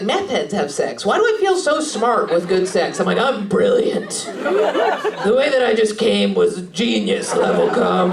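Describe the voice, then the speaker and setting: A woman's voice: mid-range voice, distant mic. Brash woman comic working the crowd. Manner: brash, teasing, blunt and profane. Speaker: stand-up comedian. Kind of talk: crowd work. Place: comedy club stage. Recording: roomy club from afar, loud crowd laughter.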